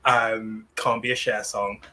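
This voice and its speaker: Man host, casual and self-mocking, bright voice, webcam audio. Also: lowish voice, level tone, slow, slight background noise, poor audio. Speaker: improv host. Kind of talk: casual livestream chat.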